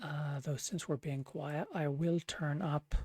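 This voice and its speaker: A streamer chatting quietly and casually at night into a desk microphone. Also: medium pitch, steady tone, takes it slowly, husky, no room sound. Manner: quiet, subdued. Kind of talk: casual live-stream chat. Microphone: desk mic.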